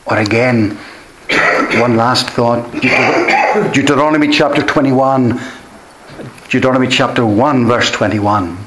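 A man's voice: mid-range voice, takes it slowly, heavy background noise. A man preaching a sermon, earnest and emphatic, often repeating key phrases for weight. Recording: echoey room.

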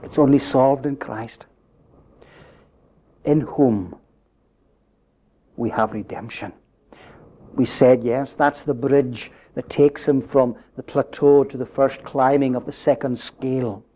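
A man preaching a sermon, building up to emphatic questions and dropping his voice low at the end of phrases. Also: steady tone, slow pace, pauses often, mellow. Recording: dull lo-fi recording.

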